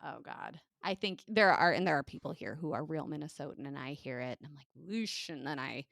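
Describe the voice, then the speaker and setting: An American woman with an Upper Midwest accent, co-hosting a casual podcast chat with quick asides and frequent giggles. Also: sits low, creaky, fairly bright tone, no room sound, studio quality. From United States. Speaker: podcast co-host.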